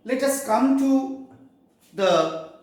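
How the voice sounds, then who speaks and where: A man teaching a poetry class in a slow, explanatory lecture with pauses and fillers, from Bengal. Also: very high-pitched, animated, darkish tone, very echoey, rough recording.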